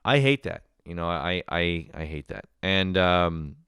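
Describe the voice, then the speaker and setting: A man's voice: low-pitched, lively intonation, unhurried, sharp tone, clean tone, no echo. A young man ranting casually and sarcastically as a comedy host, rambling and swearing often.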